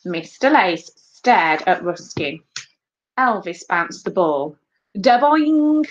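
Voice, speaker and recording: A woman teacher reading a children's book aloud in a slow, expressive storytelling manner, in a dull lo-fi recording. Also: lowish voice. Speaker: primary school teacher.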